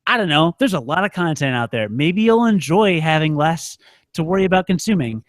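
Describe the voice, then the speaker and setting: A man's voice: on the high side, animated, a little fast, dry recording, studio quality. A man co-hosting a podcast in casual chat, rambling and joking at his own expense. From United States. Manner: rambling, self-mocking, joking. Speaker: podcast co-host.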